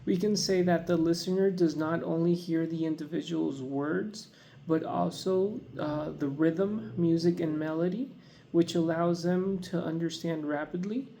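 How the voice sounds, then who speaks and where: Moderator, Spanish first language, gravelly and mellow, hesitant delivery. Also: medium pitch, measured pace, a little hiss or hum, rough recording. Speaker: student moderator. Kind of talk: moderating a class presentation.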